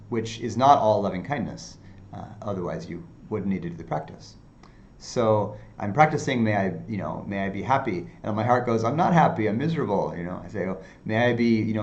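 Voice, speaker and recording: A male meditation teacher giving an unhurried dharma talk, with many fillers and softly repeated phrases. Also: fairly low pitch, dull audio, slight background noise.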